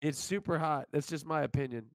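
A man chatting loosely on a livestream, giggly and rambling, high on edibles. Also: fairly quick, no echo. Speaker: livestream guest. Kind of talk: casual livestream banter.

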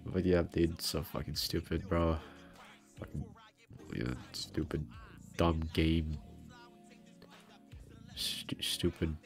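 A man's voice: deep voice, steady tone, measured pace, pauses often, darkish tone. A young man streaming games, chatting casually and swearing as he rants in frustration. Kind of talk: casual gaming stream chat. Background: faint background music.

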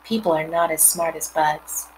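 A woman voicing a patient, clever female spider in a storybook read-aloud, speaking quietly and matter-of-factly. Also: sits low, fairly even intonation, moderate pace, a little hiss or hum, natural voice, low-quality recording. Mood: musing.

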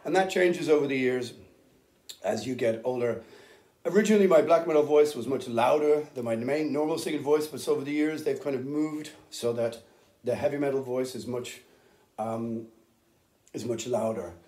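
In a band rehearsal room with noticeable echo, a middle-aged man who sings heavy metal describes his vocal technique at a moderate pace. His mid-range voice is a little mellow, and his explanation is unprepared, rambling, and full of fillers.

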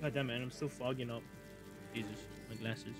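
A man streaming a video game live, excitable, swearing a lot and joking with chat. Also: mid-range voice, moderate pace, loud music behind the voice. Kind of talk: live gameplay commentary.

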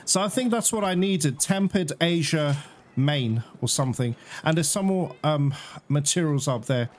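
A man giving casual let's-play commentary, excitable and addressing his viewers as "guys", out of breath at times. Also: fairly high pitch, moderate pace. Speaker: gaming YouTuber.

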